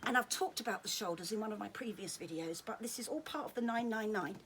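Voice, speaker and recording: A woman giving a friendly, chatty massage demonstration lesson, gentle in tone and joking now and then. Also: mid-range voice, quick pace, a little hiss or hum. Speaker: children's touch therapist demonstrating massage. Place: indoors at home during lockdown.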